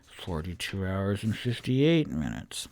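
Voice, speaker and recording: A man's voice: low voice, very animated, slow, gravelly, a little mellow, a little hiss or hum, voice pushed down, exaggerated voice. A man voicing a bored character absorbed in his book, mumbling distractedly.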